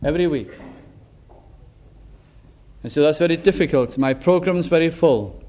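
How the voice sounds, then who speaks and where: Male preacher, high-pitched, earnest, asks pointed questions and sinks to a hush. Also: brisk. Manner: earnest, probing rhetorical questions, drops to a hush. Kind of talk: sermon.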